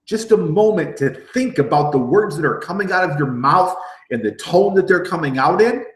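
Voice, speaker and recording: A man's voice: a little high, lively intonation, normal speed. A middle-aged man running a live sales training, talking with energy, repeating himself and dropping rallying "okay?" asides. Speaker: network marketing trainer. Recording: roomy echo.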